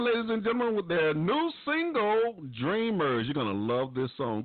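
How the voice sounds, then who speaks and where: A man's voice: sits high, sing-song, moderate pace, few pauses, faint music behind. A man hosting a gospel radio show, signing off in a folksy, preacher-like cadence. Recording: dry, phone-like.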